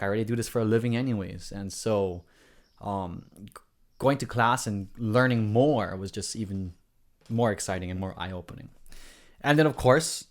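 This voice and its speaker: Hawaiian guy vlogging, earnest rambling storytelling, keeps restarting, medium pitch voice. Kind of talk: casual storytelling vlog.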